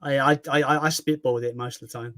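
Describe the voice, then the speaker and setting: A man's voice: mid-range voice, steady tone, quick pace, bright, forceful tone, no room sound. A man with a British accent in a casual livestream chat, speaking candidly, swearing freely and poking fun at himself. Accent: British English.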